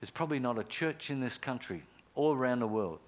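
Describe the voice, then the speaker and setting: Earnest preacher, animated and hushed. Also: male voice, mid-range voice, fairly quick. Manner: earnest storytelling, animated bursts, drops to near whisper for prayers. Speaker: pastor. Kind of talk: sermon.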